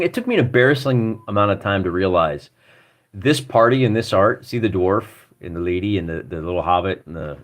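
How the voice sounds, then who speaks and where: Man, Midwestern accent, livestream host, rambling, self-deprecating, animated pitch. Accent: Midwestern American. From Michigan. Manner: rambling, self-deprecating, thinks aloud while searching pages. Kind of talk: live-streamed rulebook walkthrough.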